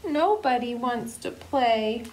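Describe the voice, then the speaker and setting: A woman voicing a small, cheerful female owl who loves to play, in a sing-song way that turns soft and hushed at bedtime. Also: fairly high pitch, slow pace. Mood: glum.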